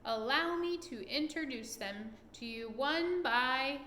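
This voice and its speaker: A cheerful small boy eagerly recites rhymes in a lilting voice, put on by a woman reading to her child. It sounds bright and lifted, in a roomy echo. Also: sits high, expressive, slow, slight background noise, full character voice.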